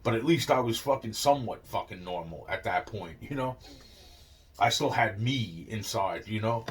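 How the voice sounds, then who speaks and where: A man's voice: lowish voice, animated, normal speed, slight background noise. A young man telling a long rambling story, swearing constantly and looping on filler phrases. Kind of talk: rambling monologue.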